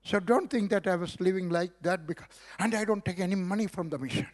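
A man's voice: sits high, quick pace. An older man preaching a sermon in English with an Indian accent, telling a testimony in rhythmic, repeated lines punctuated by hallelujahs.

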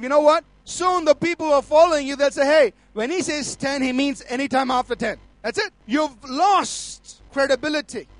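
Pastor, really high voice for a guy, preaching hard, keeps asking the crowd amen. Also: fairly bright tone, no room sound. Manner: emphatic preaching with call-outs to the audience. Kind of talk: sermon.

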